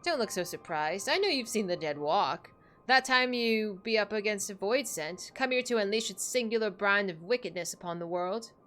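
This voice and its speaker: A woman voicing a sly, menacing older woman who leads a gang, reading game dialogue aloud with silky, drawn-out threats over faint game music. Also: medium pitch, expressive, a bit bright, lightly acted.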